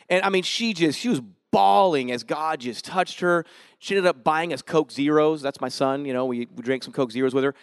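A man, a visiting missionary, telling a story to a church congregation in a quick, lively way and acting out the dialogue. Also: on the high side, clear, resonant tone, dry recording, studio quality. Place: church service.

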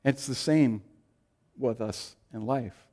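Male pastor giving a sermon, goes big then real quiet, mid pitch voice. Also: slow. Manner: dynamic, shifting from loud to hushed.

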